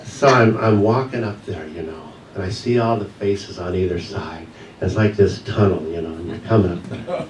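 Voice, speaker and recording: In a church sanctuary with lots of echo, a low-voiced man, a yoga teacher invited as guest speaker, tells a personal story as part of the message. He pauses and laughs gently, and the distant microphone catches background noise.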